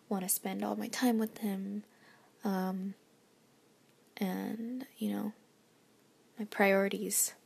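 A young woman giving a rambling, halting late-night rant that is often whispered and self-deprecating. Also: medium pitch, gravelly, darkish tone, breathy edge. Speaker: vlogger.

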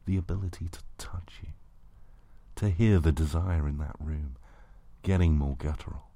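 A man narrating an intimate erotic audio story in a slow, hushed voice that often drops to a breathy whisper. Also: extremely low pitch, no echo.

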